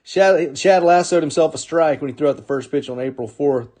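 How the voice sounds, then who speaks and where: A man with a slightly high, somewhat mellow voice runs a sports card break, naming each card in quick, upbeat bursts as packs come open. He's chatty and chuckles frequently throughout the live commentary.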